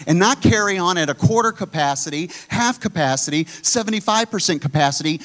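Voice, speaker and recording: A man preaching a sermon, blunt and animated, often putting questions to his listeners. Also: high voice, a little fast, hardly any pauses.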